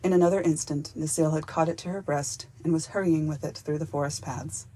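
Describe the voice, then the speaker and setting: A woman reading a children's fairy-tale audiobook aloud in a gentle, unhurried storybook narration. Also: deep voice, steady tone, slightly rough. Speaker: audiobook reader.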